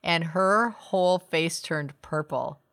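Middle-aged woman podcast co-host, low voice, reflective and chatty, laughs easily. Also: slow pace, fairly bright tone. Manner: reflective, laughs often, restarts sentences. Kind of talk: casual conversation.

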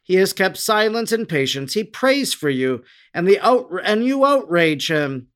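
Earnest repentant thief, as a reader puts him on, clear commanding tone. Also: male voice, on the high side, big pitch swings, slow. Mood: rebuking. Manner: earnest, pleading and rebuking. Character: repentant male thief on a cross. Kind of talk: dramatic reading.

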